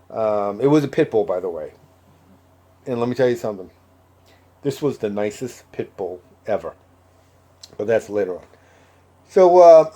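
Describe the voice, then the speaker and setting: In a mellow, mid-range voice, a man tells a casual personal anecdote, acting out what other people said. His delivery is conversational and full of fillers and quoted dialogue.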